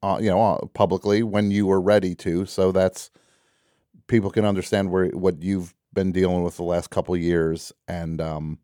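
A man hosting a call-in radio show, with a low, mellow, dark voice. He rambles along casually, full of fillers and restarts. The studio sound is dry and close. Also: flat delivery, moderate pace, dry recording.

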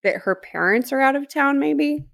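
A woman co-hosting a casual chat, making slow, wry remarks. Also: high-pitched, lively intonation, gravelly, fairly bright tone. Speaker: podcast co-host.

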